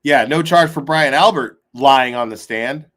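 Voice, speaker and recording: A man hosting a live call-in stream, talking in a loose, laughing, animated way. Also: medium pitch, a little slow. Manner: animated, laughing, swearing casually. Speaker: host. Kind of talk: casual live-stream commentary.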